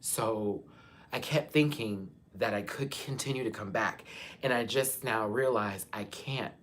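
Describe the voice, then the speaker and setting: A young man from Texas, hosting a live chat and talking frankly to his viewers, his voice swinging between soft and loud. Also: fairly low pitch, measured pace, a little hiss or hum. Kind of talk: candid live-stream talk to viewers.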